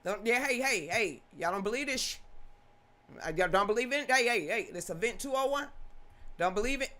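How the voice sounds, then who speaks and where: Animated woman livestream host in her fifties. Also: a little high, a little fast. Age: 50s. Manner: animated, folksy, swears freely, laughs often. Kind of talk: casual livestream commentary.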